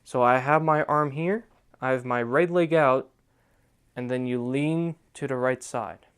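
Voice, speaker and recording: Slow, clear-voiced young man teaching dance. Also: medium pitch. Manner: repeats "okay?" to check in, counts out moves slowly. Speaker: dance tutorial host. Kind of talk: step-by-step dance instruction.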